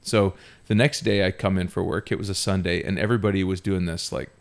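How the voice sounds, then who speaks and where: Man, low voice, animated and self-mocking podcast storyteller. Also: fast, creaky. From Ontario, Canada. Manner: animated, self-mocking, laughs often while telling. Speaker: podcast host. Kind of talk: casual storytelling.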